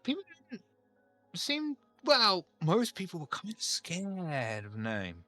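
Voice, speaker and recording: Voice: mid-range voice, huge pitch swings, takes it slowly, bright, forceful tone, faint music behind. A game master narrating a tabletop horror game in a casual, joking way.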